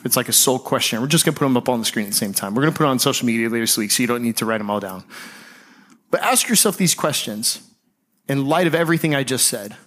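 A man preaching a sermon as pastor, speaking conversationally and slowing and softening on key phrases. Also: mid-range voice, expressive.

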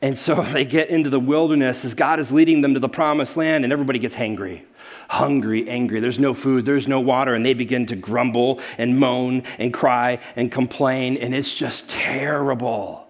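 A man preaching a sermon in a conversational, animated way, often calling his listeners guys. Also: mid-range voice, moderate pace. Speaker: pastor.

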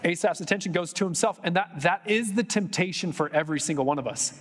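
In a church sanctuary, a male pastor preaches a sermon in a high, fast voice that fills the large hall. He talks conversationally, tossing in joking asides before building to impassioned emphasis.

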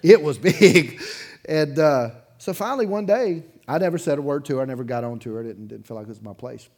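A man preaching a sermon as pastor in his church, telling a story in a loose, conversational way, chuckling between sentences and swinging from loud bursts to quiet asides. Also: a little high, lively intonation, brisk. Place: church sanctuary, in front of a congregation.

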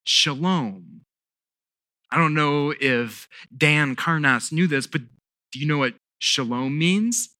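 Bright-voiced pastor preaching slowly. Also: male voice, fairly high pitch, animated, no echo, studio quality. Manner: emphatic, repeats key words, slow deliberate pauses. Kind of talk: sermon.

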